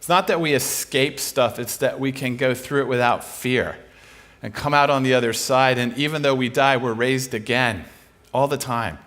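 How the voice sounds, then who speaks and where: A man's voice: medium pitch, moderate pace, fairly bright tone. A middle-aged man preaching a conversational sermon, informal and humorous, telling stories and often restarting his sentences.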